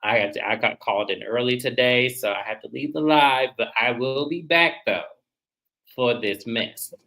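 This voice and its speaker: A man's voice: mid-range voice, normal speed, pushed and bright. A man co-hosting a casual live-stream recap, giving exasperated commentary. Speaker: co-host.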